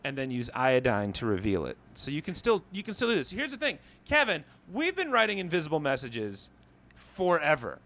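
A man's voice: on the high side, brisk. A man co-hosting a podcast, telling history stories in a casual, joking way with some swearing. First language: English. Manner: animated, jokey storytelling with profanity. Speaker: podcast co-host. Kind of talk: casual comedic chat.

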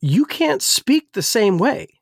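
New Jersey-raised pastor, dry close sound. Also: male voice, very high voice, sing-song, takes it slowly, vocal fry, no echo. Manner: rambling, with many restarts. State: slightly weak voice. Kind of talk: casual discussion.

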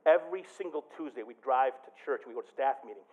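A man preaching a sermon as pastor, telling a story with big swings from quiet to loud. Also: mid-range voice, animated, fast, muffled recording. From Michigan.

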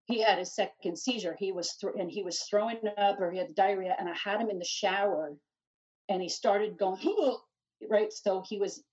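A middle-aged woman telling her story in an interview, animated and rambling, full of restarts and "you know.". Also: mid-range voice, brisk, slightly rough. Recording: distant dull lo-fi mic.

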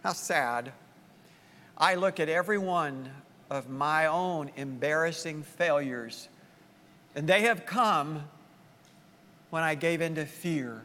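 A man preaching a sermon as pastor, telling the story with lively acted-out voices. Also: on the high side, slow pace, long pauses, long reverb tail. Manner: animated storytelling, acting out voices of the story's people.

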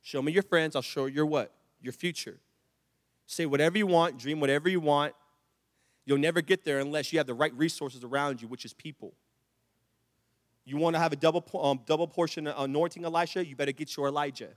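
A middle-aged man preaching a sermon, telling stories with repeated restarts and building to loud, impassioned climaxes. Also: a little high, fairly even intonation, brisk, in a large hall. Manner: storytelling with repetitions and restarts. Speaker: pastor.

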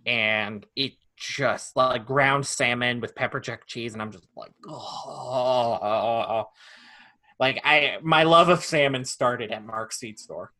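A young man co-hosting a podcast, telling a story in a casual, animated way with frequent laughter and restarts. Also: mid-range voice, measured pace, few pauses. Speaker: podcast co-host.

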